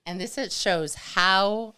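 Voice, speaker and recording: A woman's voice: medium pitch, slow, bright, forceful tone, smooth. A woman co-hosting a podcast interview, enthusiastic and emphatic in her reactions. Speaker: podcast co-host. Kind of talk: casual interview chat.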